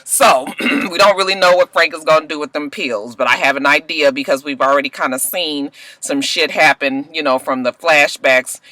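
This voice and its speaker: A woman vlogger casually recapping a TV episode in a bright, clear voice. Her talk is animated and profane, full of slang and acted-out lines. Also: low-pitched, moderate pace. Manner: animated, profane, acts out dialogue. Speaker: video blogger.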